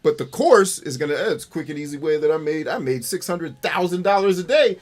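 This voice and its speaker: A man's voice: a little high, animated, brisk. Blunt, profane male stream host. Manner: reads chat messages aloud. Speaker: gaming show host. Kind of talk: livestream gameplay commentary and chat.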